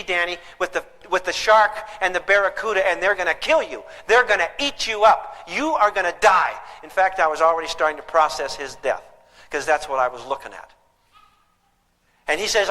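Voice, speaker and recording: A man's voice: high-pitched, fairly quick. A middle-aged man giving a live parenting seminar, telling stories with humor to an audience. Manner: humorous, animated storytelling to an audience. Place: seminar hall. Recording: reverberant hall.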